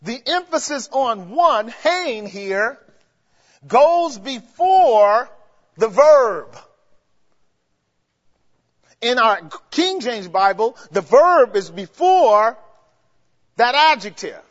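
Male preacher with a very high voice, leads the crowd with call-and-answer questions, recorded dull and lo-fi in a hall with long echo. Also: very animated, drawn-out words, long pauses, a bit bright. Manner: asks the congregation questions and has them answer; explains grammar step by step, with emphatic rises. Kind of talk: sermon teaching.

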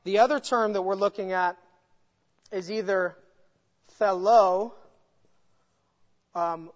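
Speaking slowly, an adult Bible teacher presents an expository lesson in a mid-pitched voice, leaning on key words and reinforcing every point by repeating it. A long hall echo surrounds the voice, and the audio is dull and lo-fi.

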